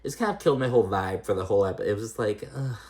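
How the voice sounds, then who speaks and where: A man giving a casual, chatty recap of a reality TV episode, blunt and full of fillers, his pitch jumping up suddenly. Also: racing. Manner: chatty, filler-heavy and blunt, with frequent swearing; animated, with sudden jumps up in pitch.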